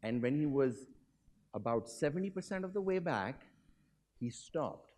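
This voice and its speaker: A man gives a motivational business talk in a hotel conference hall, telling a story and turning to quiz his audience. His voice is animated, swinging widely in pitch and loudness. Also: measured pace. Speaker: keynote speaker.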